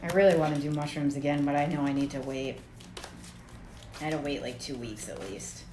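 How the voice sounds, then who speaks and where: A woman's voice: low voice, fairly even intonation, brisk, reverberant, background noise. A woman doing a casual tarot reading vlog, talking in a rambling, profane and laughing way. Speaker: tarot reader.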